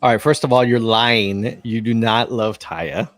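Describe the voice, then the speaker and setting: A Texan man co-hosting a laid-back podcast chat in a mid-range voice. He rambles, trips over restarts and fills pauses with "uh" and "um". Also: mid-range voice, fairly even intonation, a bit bright, dry recording. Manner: rambling, with many fillers and restarts. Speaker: co-host.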